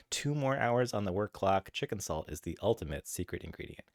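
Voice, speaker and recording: A man with a low, deep voice chats casually with his live audience at home, telling stories in an easygoing, chatty way. The sound is close and dry with no room echo. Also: animated, moderate pace, vocal fry. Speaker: live streamer. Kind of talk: casual chat with viewers. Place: at home with his cats, late at night.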